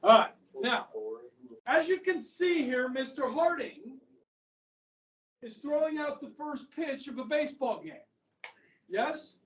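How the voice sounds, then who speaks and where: In a school classroom, a man with a Kansas accent teaches history casually and chattily, often checking in with "okay?". His voice is very high-pitched with lively intonation, and he speaks slowly with long pauses. The lo-fi recording captures the echoey room from far off.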